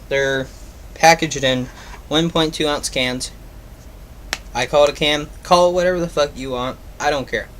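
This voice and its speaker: A man at a middle pitch gives a loose, casual review. He rambles and fills pauses with ums and uhs, and a faint hiss sits under his voice. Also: a bit bright. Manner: rambling, filler-heavy, offhand. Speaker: product reviewer.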